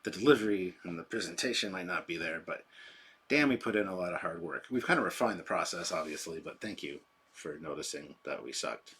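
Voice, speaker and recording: A man hosts a casual livestream, chatty and rambling as he answers his chat. His voice is deep and husky yet bright and forceful. A sensitive microphone picks him up close. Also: animated, brisk. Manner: rambling, chatty, self-deprecating. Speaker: livestream host. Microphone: sensitive desk microphone.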